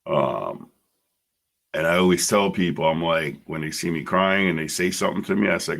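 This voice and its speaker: Gravelly low-voiced man telling his story. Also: normal speed, fairly bright tone. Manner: blunt, emotional, swears freely. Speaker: podcast host. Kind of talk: personal storytelling monologue.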